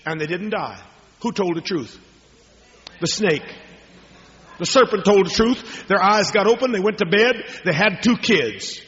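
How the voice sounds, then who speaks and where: A man's voice: high voice, expressive, a little slow, pauses often. Preacher man in a reverberant hall. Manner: dramatic storytelling, swinging from hushed to raised. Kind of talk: sermon. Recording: dull lo-fi recording with long hall reverb.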